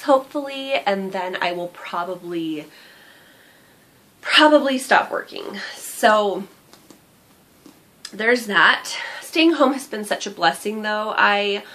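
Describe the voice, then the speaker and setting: A woman's voice: medium pitch, a bit bright. A heavily pregnant woman chatting candidly in a casual vlog, with lots of fillers like "um" and "like.". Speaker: vlogger.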